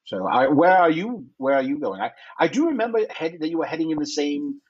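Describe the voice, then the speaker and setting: A man's voice: on the high side, very animated, brisk, breathy edge. A man voicing a genteel older male big-game hunter who talks politely and rambles with many restarts, in a tabletop game. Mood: rambling. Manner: courteous, rambling, hesitant with repeats. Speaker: player. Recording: dull lo-fi mic.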